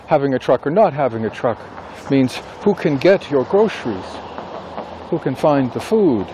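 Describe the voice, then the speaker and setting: A man who writes books and teaches a class, talking casually and thinking aloud with pauses and self-corrections. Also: medium pitch, sing-song, noisy background. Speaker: author and instructor. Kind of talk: casual rambling monologue.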